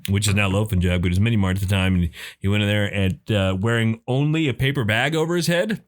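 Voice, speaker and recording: A man's voice: on the low side, fast talker. A man, co-hosting a podcast and telling stories in a casual chat, laughing often. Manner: lively storyteller, laughs often. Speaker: podcast co-host.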